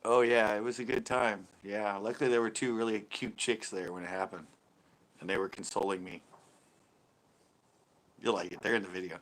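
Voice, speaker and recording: Middle-aged guy hosting a live stream, kinda low voice, laughs a lot, swears casual. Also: fairly even intonation, moderate pace, long pauses, fairly bright tone.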